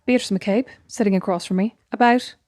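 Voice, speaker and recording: A woman's voice: mid-range voice, brisk, a little mellow, dry recording, studio quality. A young woman co-hosting a podcast, chatting casually with playful, teasing banter. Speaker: podcast co-host. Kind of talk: casual chat.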